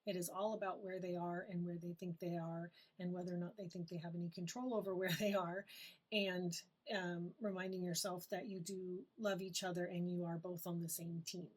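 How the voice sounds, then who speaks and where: A woman parenting coach giving calm, reassuring advice and acting out short parent and child quotes. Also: on the low side, moderate pace. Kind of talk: advice talk to camera.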